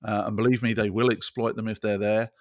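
A man's voice: lowish voice, level tone, brisk, no room sound. A British man talking as a technology guest, explaining scenarios step by step in casual conversation. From Britain. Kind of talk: casual interview chat.

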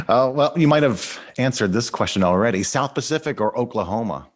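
A man hosting an interview, upbeat and quick to laugh, running a rapid-fire question round. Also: medium pitch, animated. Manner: upbeat, laughs often, brisk quiz questions. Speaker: podcast host. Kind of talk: casual interview.

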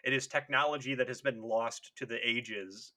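A man co-hosting a podcast in a casual, profane, animated chat, laughing often. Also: medium pitch, moderate pace. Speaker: podcast co-host.

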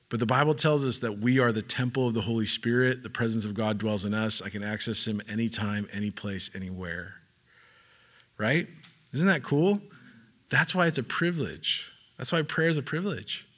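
Energetic man preaching a sermon. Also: mid-range voice. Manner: conversational, with casual fillers and asides; builds to emphatic, fervent preaching. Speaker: pastor.

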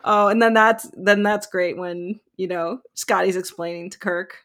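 A woman's voice: on the low side, steady tone, measured pace, fairly bright tone. A woman in casual podcast chat who laughs often and responds with animation. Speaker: podcast co-host.

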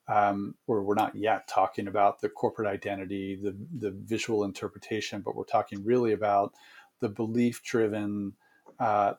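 A man with a fairly low, slightly mellow voice is interviewed as a guest consultant. He gives long, measured answers, often using fillers and restarting sentences.

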